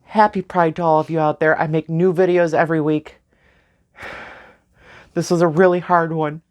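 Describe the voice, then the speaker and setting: A young woman speaking slowly and tearfully in a personal memorial vlog, with soft nervous laughs. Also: deep voice, little pitch movement. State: crying. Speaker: vlogger.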